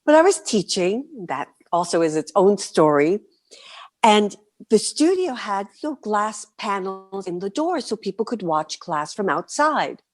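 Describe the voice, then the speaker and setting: A middle-aged woman from New City, a guest performer telling her stories in an interview, lively and vivid, sometimes dropping to a whisper. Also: medium pitch, a little slow. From New York City. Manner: animated, vivid storyteller, breaks into soft whispers. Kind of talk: storytelling interview.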